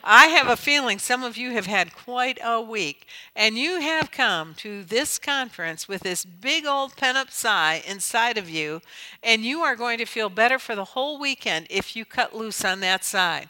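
Middle-aged woman conference speaker, bright voice, earnest storytelling with emphatic peaks. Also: on the high side, lively intonation, moderate pace, rough recording. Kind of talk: inspirational talk.

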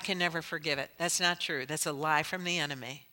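A middle-aged woman preaching from a stage, her bright, forceful voice sitting a little low in pitch. She shifts from quiet storytelling to loud, impassioned exhortation. The sound rings with the long reverb of a large hall. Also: fairly even intonation, a little fast, hardly any pauses. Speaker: Christian speaker. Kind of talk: sermon with storytelling.

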